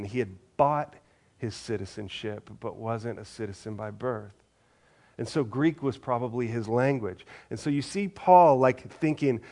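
Male preacher, mid-pitched, casual teaching style, stumbles and restarts often. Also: darkish tone. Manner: conversational, with frequent repeated restarts. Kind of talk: scripture reading and sermon.

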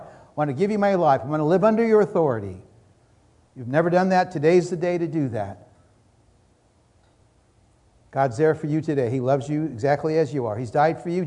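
A pastor delivers a sermon with fervent, repetitive emphasis. His voice sits a little higher than most men's. He slips into spoken prayers as he preaches. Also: warm tone.

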